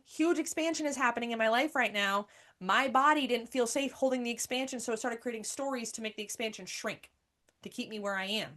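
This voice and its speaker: A woman's voice: on the high side, fairly bright tone. A woman in her thirties talking candidly as a podcast host, emphatic and swearing freely, often repeating her phrases. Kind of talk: candid monologue.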